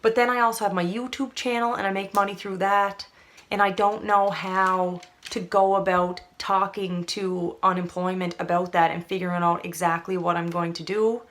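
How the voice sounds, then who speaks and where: A woman's voice: mid-range voice, flat delivery, moderate pace, fairly bright tone. A young woman from Canada, chatting to camera in a rambling, casual way full of fillers. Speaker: vlogger.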